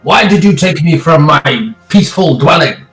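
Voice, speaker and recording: A man's voice: on the high side, lively intonation, normal speed, fairly bright tone, roomy sound, faint music behind, poor audio. A man playing in character in a tabletop game, speaking in an earnest, questioning way. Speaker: player.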